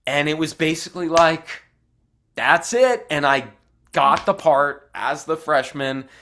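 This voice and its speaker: Chatty man with a fairly high voice. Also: a little slow, a little hiss or hum. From Arizona, US. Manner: animated, chatty, many "like" fillers. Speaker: actor, podcast guest. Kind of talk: casual storytelling in interview.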